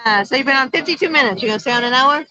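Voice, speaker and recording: Chatty middle-aged woman, bright voice. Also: sits high, very fast. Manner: chatty, laughs often. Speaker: vlog co-host. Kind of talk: casual livestream chat. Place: outdoor patio at a bar. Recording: dull lo-fi phone stream.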